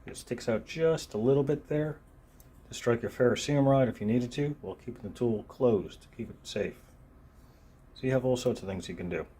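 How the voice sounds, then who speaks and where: A man casually reviewing a multitool on camera, talking in a relaxed, meandering way with frequent ums and uhs while he handles it. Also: mid-range voice, brisk, breathy edge. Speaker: gear reviewer. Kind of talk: unscripted product review. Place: filming himself while handling the tool.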